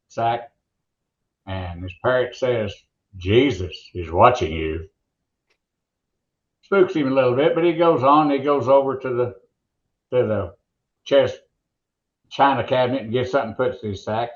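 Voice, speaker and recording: Older man spinning folksy yarns. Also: medium pitch. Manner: folksy joke-teller, rambling restarts. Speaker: veteran monster truck announcer, guest. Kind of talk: casual interview storytelling. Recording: echoey, muffled remote line.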